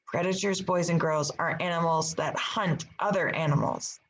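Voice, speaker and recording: A woman teacher reading a picture book aloud to her class, with expressive storybook delivery. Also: fairly low pitch, normal speed, slight background noise, poor audio.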